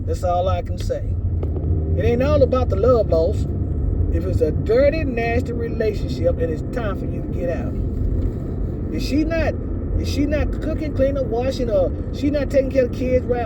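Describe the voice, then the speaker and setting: A woman's voice: mid-range voice, background noise. Emphatic woman giving blunt relationship advice. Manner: emphatic and repetitive, talks straight to the audience. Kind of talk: casual advice monologue to viewers.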